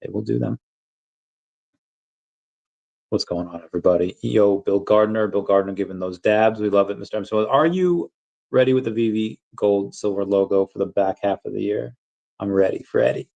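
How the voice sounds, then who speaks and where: A man hosting a casual crypto livestream, rambling in a relaxed way with many fillers and bouts of hiccups. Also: fairly low pitch, vocal fry, highs cut off. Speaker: crypto channel host.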